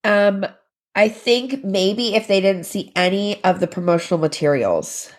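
A woman's voice: medium pitch, lively intonation, measured pace. Chatty joking podcast co-host woman. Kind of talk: casual chat.

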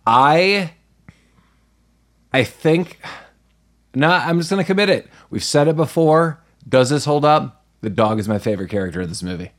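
Male podcast co-host, casual movie chat, animated and quick to laugh. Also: a little high. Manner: animated, laughs often, acts out sounds.

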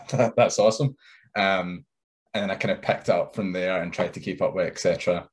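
A man's voice: sits low, level tone, a little fast. A man in his thirties, a wrestler guest, easygoing and rambling. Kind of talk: casual interview chat.

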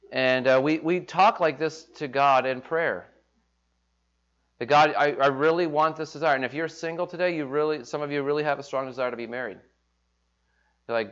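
A man preaches a sermon as pastor in a conversational way, acting out the voices of the people he quotes. His voice is fairly high and fairly bright at a normal speed, and the recording has a slightly dull lo-fi sound.

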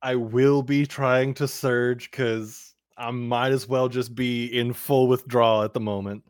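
Slow-talking giggly player man. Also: medium pitch, fairly even intonation, clear, resonant tone, no echo, clean studio sound. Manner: giggly, fidgety, joking. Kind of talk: casual tabletop play.

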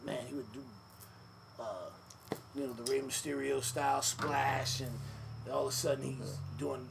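A man with a gravelly, mid-pitched voice tells a long story as a guest in an interview. He talks easily, fills pauses with "you know" and acts out what others said. There is steady background noise under him. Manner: relaxed storyteller, many fillers, acts out quotes. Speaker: podcast guest, former wrestler. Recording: noisy room ambience.

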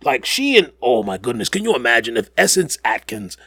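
A man's voice: mid-range voice, a little fast, husky, no echo, clean studio sound. A man hosting a podcast in casual chat, rambling and joking while getting over the flu. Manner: animated, rambling, jokey asides. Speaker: podcast host.

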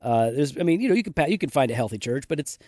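A man's voice: mid-range voice, very animated, very fast, warm tone, no room sound, studio quality. A man co-hosting a casual church podcast, rambling and self-deprecating, often trailing off into a mumble. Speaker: podcast co-host, pastor.

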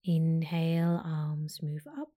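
A woman yoga teacher talking the listener through a slow breathing and movement practice, with gentle, unhurried instructions. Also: deep voice, animated. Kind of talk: guided breathing meditation.

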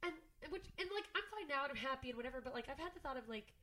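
A woman's voice: high voice, expressive, very fast, sharp tone, faint music behind. A young adult woman comedian talking candidly and emotionally on a podcast, swearing often and getting tearful at times. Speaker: guest comedian.

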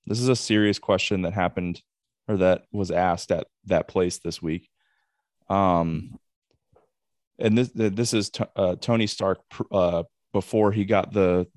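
A man's voice: low-pitched, fairly even intonation, a little slow, darkish tone, no echo, studio quality. A man hosting a casual podcast chat, rambling and restarting his sentences as he asks questions. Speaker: podcast host.

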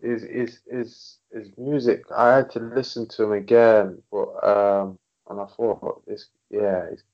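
A man with an English accent, a rapper guest in casual chat, relaxed and hesitant, laughing easily. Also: fairly low pitch, a little slow, dull audio. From England.

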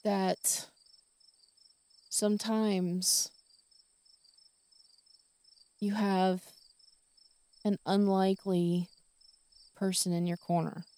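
A woman's voice: mid-range voice, level tone, takes it slowly, long pauses, mellow, clear, resonant tone. A middle-aged woman hosting a podcast, talking candidly and rambling in a casual monologue full of fillers and retold conversations. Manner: rambling, candid, with many fillers and quoted dialogue. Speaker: podcast host.

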